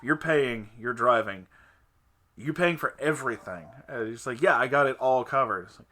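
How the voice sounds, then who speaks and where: A man hosting a casual podcast chat, telling an animated story, acting out the other people's lines and often breaking into laughter. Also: medium pitch, normal speed. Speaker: podcast host.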